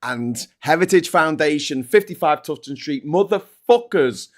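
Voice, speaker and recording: A man's voice: on the high side, expressive, unhurried. A man co-hosting a live political podcast, ranting passionately and swearing freely. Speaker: co-host.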